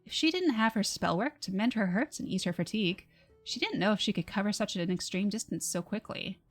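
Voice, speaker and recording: A woman reading her own fantasy novel on a livestream, with soft, measured narration and casual asides. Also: mid-range voice, faint music behind. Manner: soft, measured narration, laughs between passages.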